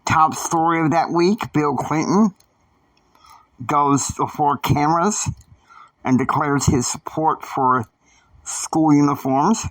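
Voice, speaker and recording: A man narrating an improvised family saga in a halting, rambling way, full of fillers, recorded dry from a distant mic. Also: on the high side, fairly bright tone, no echo. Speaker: storyteller.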